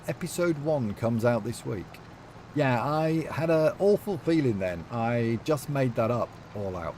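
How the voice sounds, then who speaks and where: A man's voice: medium pitch, very animated, moderate pace, a little mellow. A man with a chatty manner, casually talking to his live-stream chat while playing, with faint noise behind him. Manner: chatty, reads out and answers chat.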